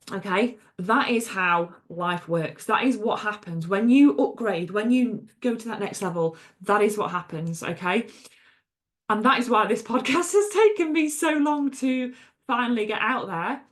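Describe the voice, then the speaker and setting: A woman from talks straight to her listeners in an unscripted solo podcast. She is chatty and emphatic, drops in "okay?" and "right?" asides, and swears without a second thought. Her voice sits at an ordinary middle pitch for a woman. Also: animated, unhurried. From England. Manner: blunt, swears freely. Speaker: podcast host and coach.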